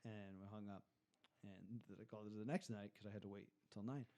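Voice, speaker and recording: A man's voice: fairly low pitch, quick pace. A man telling a long personal story in casual podcast chat, swearing and acting out the people in it. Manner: animated, swears, mimics voices in his anecdotes. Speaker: podcast guest.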